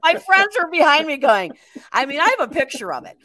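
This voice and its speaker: A woman's voice: sits high, a little fast, crowd noise. An older woman co-hosting a casual chat show, telling a story with lots of laughter. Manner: animated storyteller, laughs often. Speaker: podcast co-host.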